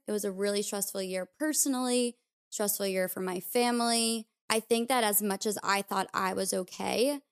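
Smooth-voiced woman sharing personal reflections. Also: medium pitch. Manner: candid, confessional, uses filler "like". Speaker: podcast host. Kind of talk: personal reflective podcast talk.

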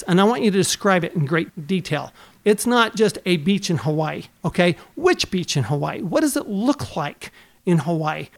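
A man's voice: high voice, darkish tone. A man who is an accountant hosting a podcast, talking in an earnest coaching way and firing off rhetorical questions. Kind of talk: motivational podcast talk.

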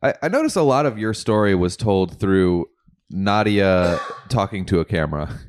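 A man's voice: sits low, lively intonation, moderate pace. A man co-hosting a casual podcast, asking the guest questions and laughing often. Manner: laughs a lot, asks questions. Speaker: podcast co-host.

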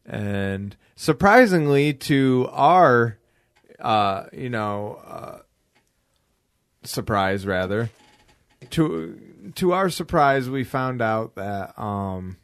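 A man's voice: medium pitch, big pitch swings, very slow, clean tone, no room sound. Laid-back young man, dry close sound. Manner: laid-back, swearing, laughing, rambling with fillers. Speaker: podcast co-host. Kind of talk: casual chat.

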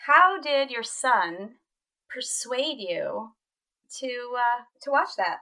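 A woman's voice: on the high side, very animated, slow pace, bright, forceful tone. A woman from northern New York co-hosting a podcast in a playful, teasing casual chat. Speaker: podcast co-host.

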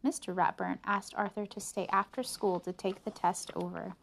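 A woman's voice: mid-range voice, normal speed, vocal fry. Woman reading a picture book aloud. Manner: expressive, chatting asides to a child. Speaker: reader to a child.

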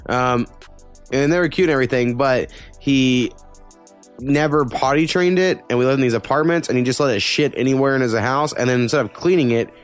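Male podcast co-host, mid pitch, blunt and profane, ranting in quick bursts over faint music. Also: clear, resonant tone. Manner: blunt, swears a lot, talks in quick bursts. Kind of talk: casual podcast chat.

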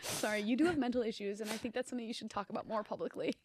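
Woman cohost joking around w her friend, laughs a lot, kinda high voice, dry close mic. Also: rapid-fire, no room sound. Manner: playful, laughs often, teasing. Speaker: podcast co-host. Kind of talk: casual banter between friends.

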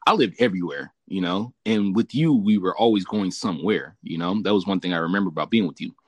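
A podcast host from Southern California speaks quickly in a low-pitched voice, recorded dry. He's an animated storyteller in a casual chat, swearing a lot and laughing throughout.

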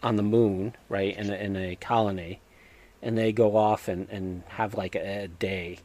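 A man with a New England accent, co-hosting a podcast in casual chat, talking hesitantly with many filler pauses. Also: on the low side, fairly even intonation, darkish tone, dry recording. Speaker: podcast co-host.

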